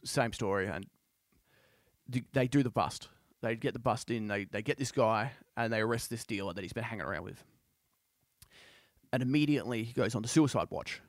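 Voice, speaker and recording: A man's voice: medium pitch, no echo, clean studio sound. A man on a podcast casually retelling a story he heard, rambling with lots of fillers. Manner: rambling, many fillers like "you know" and "like". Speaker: podcast host.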